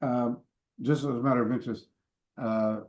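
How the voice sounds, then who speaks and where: A man's voice: mid-range voice, moderate pace, echoey room, dull audio. An older man, a martial arts teacher, telling rambling anecdotes as an interview guest over a call, full of asides and fillers. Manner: animated, digressive, lots of fillers and asides. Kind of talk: casual anecdotal storytelling.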